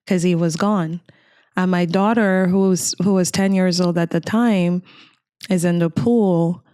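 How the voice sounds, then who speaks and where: A middle-aged woman from Cameroon tells a personal story with earnest, emotional weight. Her voice sits on the low side and moves in a narrow, level band, delivered at an unhurried pace. The sound is smooth and clear, recorded close and dry. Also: fairly even intonation, dark tone, no room sound. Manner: earnest, emotional recounting of a frightening memory. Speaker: podcast guest.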